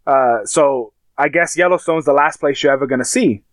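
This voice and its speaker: A man chatting casually, retelling TV scenes with animated, crude language. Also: medium pitch, normal speed, dry recording. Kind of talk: casual chat.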